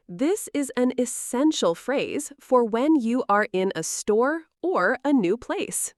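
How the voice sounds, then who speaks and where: A woman with a fairly high, lively voice leads a scripted English lesson at a deliberately slow pace. She speaks clearly and encouragingly, with no room sound around her. The recording is dry and close. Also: no room sound. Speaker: English teacher.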